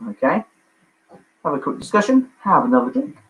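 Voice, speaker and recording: A man hosting a livestreamed pub quiz from home, chatty and jokey, reading out answers with quick asides. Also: a little high, big pitch swings, a bit bright. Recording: dull lo-fi livestream audio.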